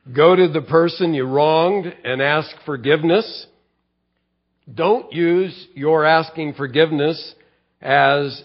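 A man's voice: medium pitch, highs cut off. A middle-aged man preaching a sermon as a pastor, telling a personal story earnestly and often stammering on his first words.

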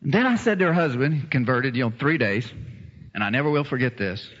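A man with a medium-pitched voice preaches a sermon fairly quickly, bringing a story to life by acting out its characters' voices. The dull, lo-fi recording has a big-room sound.

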